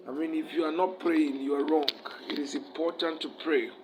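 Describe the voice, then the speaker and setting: A man's voice: fairly high pitch, fairly even intonation, brisk, noisy background. A man preaching a sermon as pastor, emphatic and repetitive, often asking the listeners questions.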